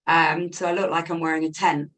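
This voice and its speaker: A woman's voice: deep voice, flat delivery, brisk, a bit bright. Author joining a call, female, rambling casual chat. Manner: chatty, with many fillers, repeats "it's true, isn't it?".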